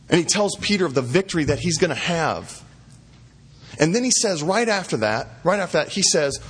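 A man's voice: on the high side, sing-song, brisk, slightly rough. A man preaching a sermon, retelling scripture in casual, conversational words and repeating lines for emphasis. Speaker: pastor.

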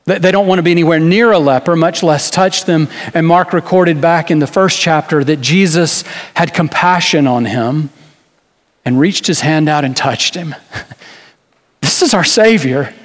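A man's voice: a little high, moderate pace. Earnest male preacher in a reverberant hall. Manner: earnest preaching with rhetorical questions and small restarts. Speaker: pastor. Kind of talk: sermon.

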